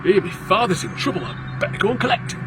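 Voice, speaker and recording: Man doing a pushy young lad barking orders, kinda high. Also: lively intonation, quick pace, music in the background. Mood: demanding. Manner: blunt, demanding, forceful. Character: brash, bold young man, angry son.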